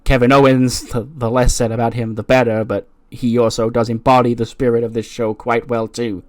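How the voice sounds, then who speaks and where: A man's voice: mid-range voice, flat delivery, brisk, darkish tone, no echo, studio quality. A man casually narrating a wrestling management game, chatty with lots of fillers. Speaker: let's play host.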